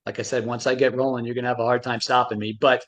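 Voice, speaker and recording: A man's voice: medium pitch, flat delivery, fast, fairly bright tone. A middle-aged man, a frequency medicine expert, telling stories animatedly with many restarts on a live stream. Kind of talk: motivational talk on a live stream.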